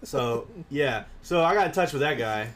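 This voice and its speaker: A man's voice: mid-range voice, expressive, normal speed, noisy background. Profane, rambling male podcast host. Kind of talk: casual podcast chat.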